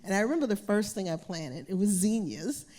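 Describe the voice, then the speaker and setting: A woman's voice: mid-range voice, lively intonation, brisk, dark tone. Laughing woman storyteller in a reverberant theater. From South Florida. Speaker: panel guest and gardener. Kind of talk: casual onstage conversation. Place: theater stage. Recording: long hall reverb in a theater.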